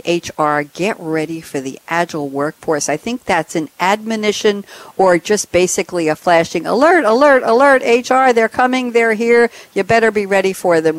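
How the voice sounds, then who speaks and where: Picture a woman hosting a radio talk show, gushing over her guests and chatting freely with a laugh never far off. Her voice sits a little low, and the recording is dry and close, with no room around it. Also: no room sound. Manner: effusive and chatty, laughs often. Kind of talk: lively hosted panel talk.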